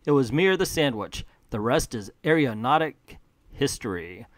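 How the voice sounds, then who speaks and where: A man's voice: medium pitch, lively intonation, normal speed, no room sound, studio quality, lightly acted. A man voicing a folksy old Southern chicken colonel with a put-on Southern US accent, in a salesman's manner.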